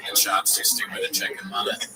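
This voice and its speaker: A man's voice: fairly quick, far from the mic, a crowd in the background. A man co-hosting a podcast, chatting casually and making wry, joking comments on clips. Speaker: podcast co-host. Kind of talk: casual chat reacting to clips.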